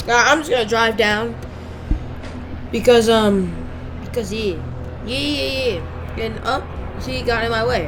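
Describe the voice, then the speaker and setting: A woman's voice: a little high, measured pace, background noise. A young woman giving casual, rambling commentary while playing a driving game, yelping and shrieking at the crashes. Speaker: gamer.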